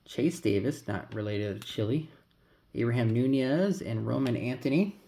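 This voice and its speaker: A man's voice: medium pitch, animated, normal speed, mellow, slight background noise. Guy ripping packs and mumbling names, chill rambling vibe. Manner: rambling, mutters names as he flips cards. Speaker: card collector vlogger. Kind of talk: casual pack-opening commentary.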